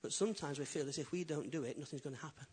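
Husky high-voiced pastor preaching. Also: male voice, very fast. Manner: animated preaching, swinging from loud emphatic lines to quiet intimate ones; humorous storytelling. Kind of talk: sermon.

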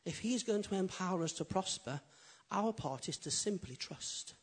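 A man preaches with a high, husky voice, swinging between loud emphatic lines and hushed, intimate ones. He tells stories from the pulpit with a humorous touch. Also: animated, moderate pace. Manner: humorous storytelling. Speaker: pastor. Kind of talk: sermon.

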